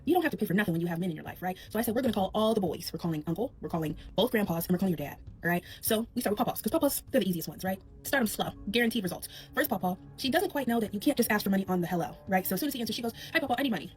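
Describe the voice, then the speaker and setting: A woman telling a comic story about her daughter in a lively, quick way. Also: medium pitch, faint music behind. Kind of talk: storytelling clip.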